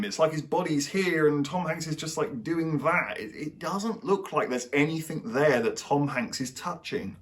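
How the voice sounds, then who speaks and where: A man's voice: a little high, a bit bright. A young man giving a blunt, sarcastic film review as the host of his channel.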